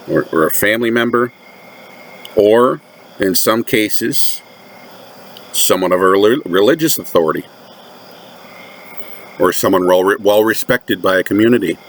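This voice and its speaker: A man from the United States, a religious commentator, delivers a sermon-like monologue with slow, deliberate and emphatic repetition. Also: lowish voice, a little hiss or hum.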